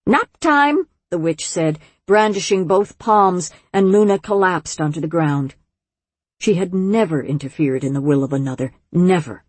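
Woman audiobook narrator, low breathy voice, calm measured storytelling, dry studio sound. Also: dry recording. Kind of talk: scripted narration.

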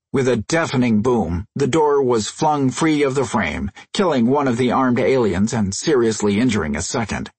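A male audiobook narrator tells the story in a measured, husky voice of middle pitch. The studio sound is dry and close. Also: no echo. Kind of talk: scripted narration. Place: recording studio. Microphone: close studio mic.

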